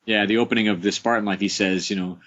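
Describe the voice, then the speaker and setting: Man, low voice, rambling interview guest, lots of fillers, muffled lo-fi sound. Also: fairly even intonation, fast talker, fairly bright tone, a little hiss or hum. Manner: rambling, many fillers and restarts, chuckles. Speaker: interview guest, show creator. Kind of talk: casual interview chat. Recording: dull lo-fi podcast audio.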